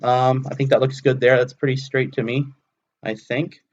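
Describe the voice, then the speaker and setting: Here's a man in his thirties doing a laid-back live stream from his home hobby table, talking himself through every step of his build. His mid-range voice barely shifts in pitch and keeps a moderate pace, and the audio has its highs cut off.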